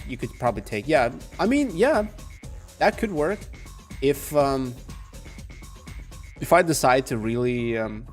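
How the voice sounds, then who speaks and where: A young man with a calm, soft-spoken manner chatting casually with viewers while playing a game at home. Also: medium pitch. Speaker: gaming streamer. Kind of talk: casual live game commentary. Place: home room.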